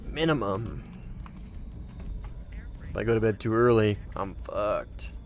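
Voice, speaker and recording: A man's voice: fairly low pitch, fairly even intonation, moderate pace, faint music behind. A tired man chatting casually with friends while gaming late at night, laid-back and joking, swearing freely. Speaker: gamer playing with friends on voice chat. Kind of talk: casual gameplay chat.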